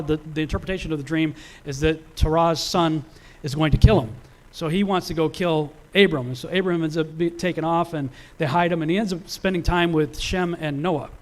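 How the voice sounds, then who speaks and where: Man, Bible teacher, casual teaching talk, higher voice, conversational, restarts and fillers.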